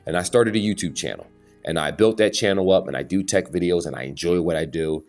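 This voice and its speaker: A man's voice: sits low, quick pace, darkish tone, soft background music. A man talking to his channel viewers in an earnest, preachy way, now and then stumbling over his words. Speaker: YouTube channel host. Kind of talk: casual opinion monologue.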